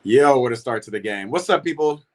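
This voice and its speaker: A man's voice: medium pitch, animated, a little fast, darkish tone. A young man hosting a livestream watch party, reacting casually to the match and greeting viewers in chat. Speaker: livestream host. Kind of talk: football watch-party commentary.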